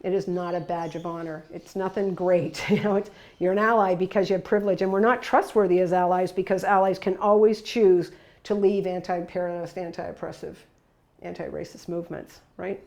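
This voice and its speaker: A woman's voice: on the low side, brisk. Woman presenter, emphatic conversational delivery, frequent tag questions, storytelling energy. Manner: lively storytelling with sudden bursts of loudness. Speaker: workshop presenter. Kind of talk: presentation to workers.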